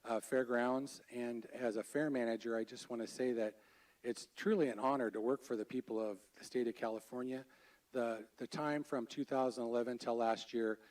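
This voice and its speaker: A man speaking at a public board meeting, a little distant from the microphone. He talks in a halting, earnest way, restarting his sentences as he goes. His pitch sits in an ordinary middle range. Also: darkish tone. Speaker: county fair manager. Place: state board meeting room. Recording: voice a bit far from the mic.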